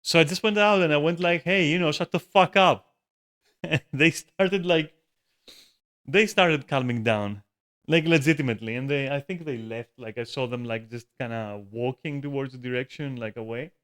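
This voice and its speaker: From a room at home, a man streams a casual, rambling rant with lots of swearing, frequent restarts and filler "likes." His voice is medium-pitched, fairly bright, clear and resonant, at a moderate pace.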